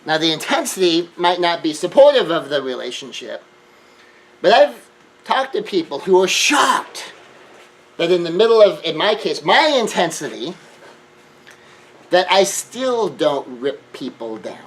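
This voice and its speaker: A man giving an earnest self-help lecture, shifting between hushed remarks and emphatic raised lines. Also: sits high, sing-song, measured pace, slight background noise, rough recording. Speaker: speaker.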